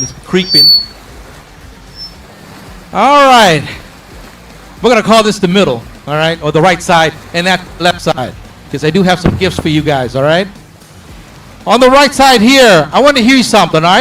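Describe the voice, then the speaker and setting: A man's voice: high voice, moderate pace, pauses often, slight background noise, low-quality recording. A man working a crowd at an outdoor race event on a handheld mic, counting down and calling for cheers. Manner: energetic, counts down and calls for cheers. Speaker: crowd hype host. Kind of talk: live event crowd work.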